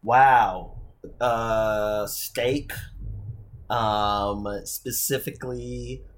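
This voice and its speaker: A man's voice: mid-range voice, fairly even intonation, very slow, a little hiss or hum. Playful man chatting as a podcast guest. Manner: playful, rambling, self-mocking. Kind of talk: casual chat.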